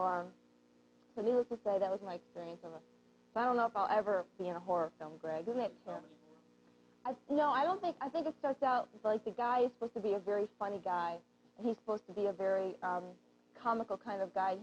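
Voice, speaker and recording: A woman's voice: medium pitch, fast, a little mellow. A woman co-hosting a shopping channel, chatting casually on air and telling a story while acting out the lines people said. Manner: chatty storyteller who acts out quoted lines. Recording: dull lo-fi TV broadcast audio.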